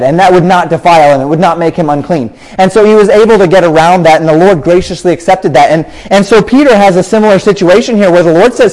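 A man's voice: high voice, fast talker, few pauses, a little mellow, low-quality recording. Man preaching a Bible sermon.

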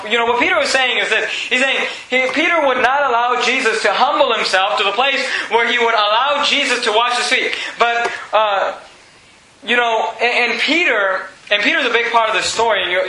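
In an echoey room with faint noise, a man with a very high, sharp voice preaches fairly quickly. His sermon is casual and conversational, paraphrasing scripture and often repeating himself.

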